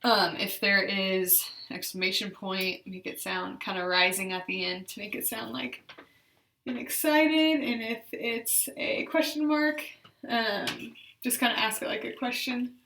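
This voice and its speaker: A young woman, a speech therapist, leading voice exercises with slow, clear, encouraging instructions and frequent fillers. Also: on the high side, sharp tone, a little hiss or hum. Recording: echoey room.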